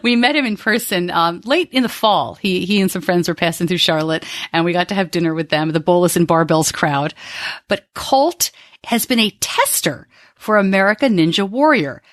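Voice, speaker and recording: A woman's voice: on the low side, lively intonation, moderate pace, no room sound, studio quality. A middle-aged woman hosting a podcast, talking in a heartfelt, openly emotional way about her listeners and her own family. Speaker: podcast host. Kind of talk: conversational podcast talk.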